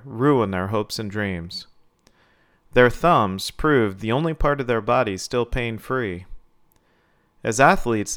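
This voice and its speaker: Smooth-voiced male storyteller. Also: medium pitch, a bit bright. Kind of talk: scripted story narration.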